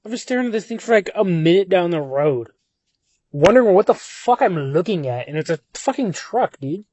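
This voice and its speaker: Recorded on a phone inside his car on a country road at night, a young man rambles through a long, profane voice message, dazed, exhausted, and drifting from thought to thought. His voice is high, expressive and darkish in tone, at a moderate pace, in a dry recording.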